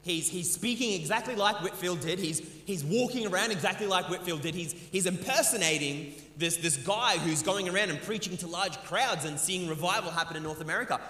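A man's voice: high voice, a little fast, hardly any pauses, pushed and bright. A man preaching a sermon from a church platform into a handheld mic, speaking earnestly and often repeating words as he restarts. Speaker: pastor. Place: church sanctuary. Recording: echoey church hall with long reverb.

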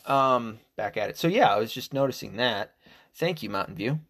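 Male podcast host, 40s, American, lowish voice, loose profane solo rambling. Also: big pitch swings, brisk. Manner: rambling, profane, jumps to loud mocking quotes. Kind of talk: casual solo commentary.

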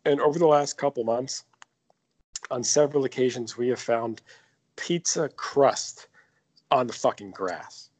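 A man with a middle-pitched voice co-hosts a casual podcast. He tells an irritated story full of swearing, speaking in a relaxed, lowered tone. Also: a little slow, long pauses. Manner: animated, profane storytelling. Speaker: podcast co-host.

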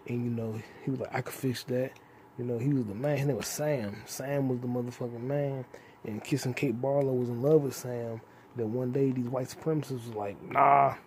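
A young man hosting a solo podcast, rambling in a casual, profane way with sudden loud outbursts. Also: medium pitch, slight background noise. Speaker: podcast host.

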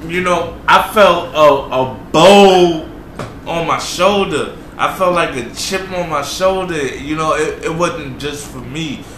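Man, podcast host, casual chat, bright voice, halting, repeats words, roomy recording. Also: a little high, slight background noise. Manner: halting, repeats words while searching for them. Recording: roomy room with faint ambience.

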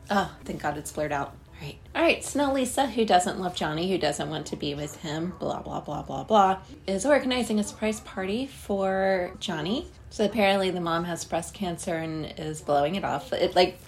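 Sarcastic woman riffing on a movie. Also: on the low side. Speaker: movie commentator. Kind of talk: running commentary while watching a movie.

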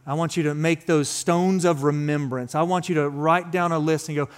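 High-voiced man preaching a sermon. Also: fairly even intonation, moderate pace, few pauses, smooth. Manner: swings from hushed, intimate lows to loud, urgent highs; repetitive preaching cadence. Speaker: pastor.

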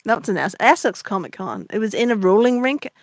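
A woman's voice: medium pitch, sing-song, brisk, no room sound. Irish woman musician guest, rambling, jokey, dry close-miked voice. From Ireland. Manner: playful, rambling, laughs often. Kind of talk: casual radio chat.

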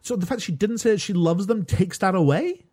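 Lively, sarcastic man chatting casually. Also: sits high, brisk, breathy edge. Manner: sarcastic, mock-outraged, acts out quotes. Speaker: podcast host reviewing a film. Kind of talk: casual chat.

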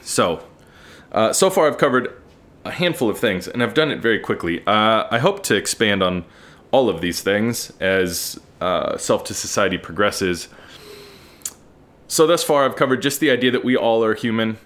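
A man's voice: fairly low pitch, animated, moderate pace, fairly bright tone. A man hosting a solo podcast, talking through his thoughts in an earnest, candid way and swearing casually. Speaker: podcast host. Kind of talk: solo reflective monologue.

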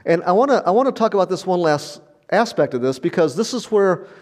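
A man's voice: high-pitched, lively intonation, fairly quick. An older man preaching a sermon in a conversational, storytelling way, often repeating words and chuckling. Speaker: pastor.

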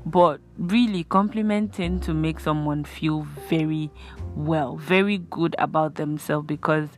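Chatty Nigerian woman with a low voice. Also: fairly even intonation, a little slow, soft background music. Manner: chatty, earnest, acts out little dialogues in a higher voice. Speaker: host. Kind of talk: casual advice talk.

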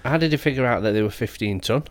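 A man's voice: mid-range voice, quick pace, no room sound, clean studio sound. A man with a Northern English accent, co-hosting a podcast with blunt, sweary banter. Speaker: podcast co-host. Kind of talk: casual chat.

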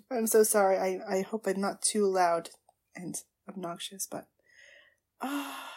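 A woman podcast host reacting live to an anime episode, gushing and excitable, with frequent gasps and quiet hushed asides. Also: mid-range voice, a little slow, breathy edge. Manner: drops to hushed asides at tense moments.

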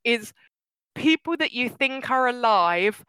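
A woman chatting casually as a podcast co-host, animated and laughing often, her voice jumping up when she gets excited. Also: a little high, slow pace, clean tone, no room sound, rough recording. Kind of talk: casual chat.

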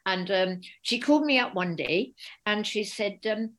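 An older woman, a guest author chatting in an interview, an animated storyteller who acts out the voices of people she quotes. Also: medium pitch, moderate pace. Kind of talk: casual interview chat.

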